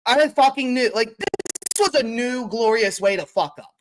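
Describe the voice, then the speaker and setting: A woman's voice: fairly high pitch, animated, a little slow. A woman co-hosting a casual sports podcast, ranting profanely and with exasperation. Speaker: podcast co-host.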